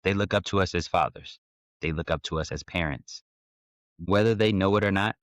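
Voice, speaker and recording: A man with a deep, low voice hosts a podcast, telling a casual story about his kids. He talks in an animated, slangy way and breaks off to lecture listeners. The sound is dry and close. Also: no room sound. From Ohio. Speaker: podcast host.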